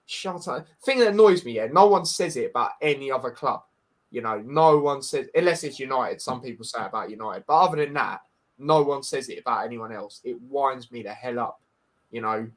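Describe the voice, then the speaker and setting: A man's voice: medium pitch, expressive, a little fast. A man with a Scouse accent hosting a casual football chat, frank and blunt, often restarting and calling people mate. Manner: frank, repeats himself, says mate often. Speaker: podcast host.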